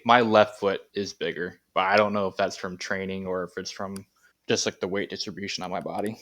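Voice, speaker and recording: Brief: laid-back athlete guest, low voice, casual and rambling. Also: male voice, brisk. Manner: relaxed, rambling with many fillers. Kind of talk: casual interview chat.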